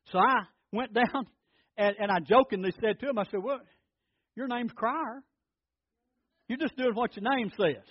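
A man's voice: very high-pitched, moderate pace, long pauses, dry recording, highs cut off. A man preaching a sermon as pastor, telling folksy stories and often repeating his words.

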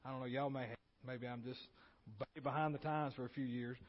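A man preaching a sermon, repeating key phrases and swinging between loud points and quiet asides. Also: medium pitch, fairly even intonation, brisk, highs cut off. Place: church.

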